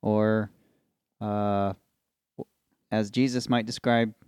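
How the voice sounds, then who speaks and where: A man's voice: fairly low pitch, flat delivery, slow pace, a little mellow, smooth, no room sound. Reflective male co-host, dry close sound. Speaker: podcast co-host. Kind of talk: casual Christian podcast chat.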